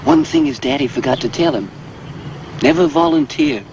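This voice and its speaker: An actor playing a veteran Marine who teases the young recruits with a dry, mocking drawl, in 1950s war film style. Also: male voice, on the high side, wildly swooping pitch, moderate pace, gravelly, a little mellow, lo-fi sound, a little hiss or hum, heavily acted. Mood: teasing. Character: wry veteran male Marine, teasing the recruits.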